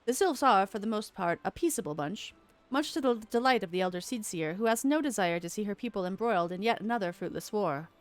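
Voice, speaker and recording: A woman's voice: mid-range voice, expressive, brisk, faint music behind, natural voice. A woman voicing a stern military commander in a game, reading formal, old-fashioned lines. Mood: grave.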